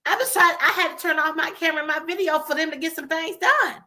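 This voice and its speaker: A woman with a Southern US accent co-hosting a casual online chat, animated and quick to laugh. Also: very high-pitched. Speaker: co-host.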